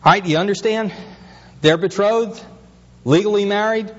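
A man's voice: high voice, moderate pace, big-room sound, dull audio. A pastor preaching an earnest sermon, his voice rising as he asks questions.

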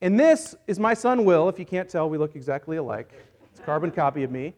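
A man preaching a sermon as a pastor, playful and energetic, joking with volunteers while acting out a Bible story. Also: on the high side, fast. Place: church service.

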